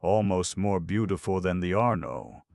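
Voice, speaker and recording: A low-voiced man reading a teasing young woman sleuth. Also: moderate pace, gravelly, darkish tone, no echo, clean studio sound. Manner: coy, teasing. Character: spirited, nosy young woman adventurer.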